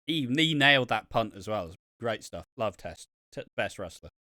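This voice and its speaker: A man's voice: fairly low pitch, expressive, moderate pace, bright, forceful tone, dry recording, clean studio sound. A man co-hosting a casual podcast chat, sarcastic and profane, with mock enthusiasm. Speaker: podcast co-host. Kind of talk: casual chat reviewing wrestling.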